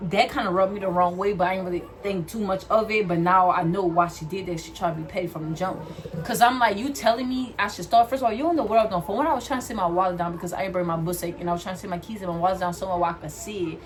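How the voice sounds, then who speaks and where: Young black-woman ranting a work story to the cam, lively, faint hum behind. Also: fairly low pitch, racing. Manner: animated, acts out quotes, addresses viewers as y'all. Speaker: vlogger. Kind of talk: storytime chat while doing hair.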